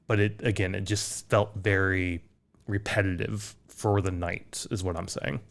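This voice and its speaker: A lower-voiced American man talks casually on a podcast. He rambles through his points and makes fun of his own slips. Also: steady tone, measured pace, gravelly. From United States. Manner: rambling, self-deprecating, laughs at own slips. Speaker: podcast co-host. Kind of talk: casual chat.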